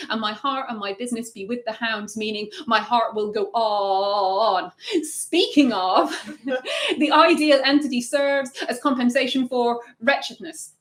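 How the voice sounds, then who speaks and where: A poet, a woman, reading her own work aloud at a live launch, dropping low and quiet then lifting loud.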